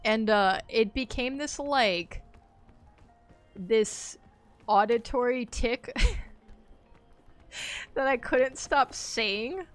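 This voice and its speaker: A woman's voice: on the high side, animated, drawn-out words, long pauses, soft background music. A woman chatting casually on a game live stream, rambling, laughing often and reacting aloud to the game. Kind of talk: casual live-stream chat while gaming.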